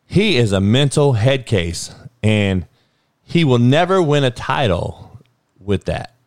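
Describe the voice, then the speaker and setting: A man hosting a podcast, delivering a blunt, heated, profanity-laced sports rant that climbs into yelling. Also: medium pitch, big pitch swings, slow pace, no echo, clean studio sound. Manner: blunt, heated, swearing, rising to a yell. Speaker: podcast host.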